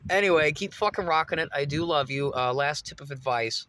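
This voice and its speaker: Young dude vlogging, cursing a lot, bright sharp voice, rambly. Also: male voice, fairly high pitch, brisk, slight background noise. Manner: profane, rambling, excitable. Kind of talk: casual monologue to camera.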